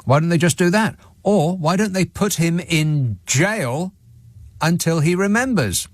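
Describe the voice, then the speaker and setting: A male radio phone-in host with a sardonic, teasing delivery. His pitch swings widely as he riffs on callers and messages. The sound is close and dry, with no room around it. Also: lively intonation, a little slow, no room sound. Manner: sardonic, dry jokey asides. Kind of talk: late-night radio phone-in banter.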